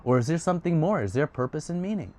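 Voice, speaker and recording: A cheeky teenage boy acts surprised and innocent while asking pointed questions. His voice sits high and bright against a plain storytelling voice, as a male narrator puts him on. He sounds eager and quick-witted. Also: big pitch swings. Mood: curious.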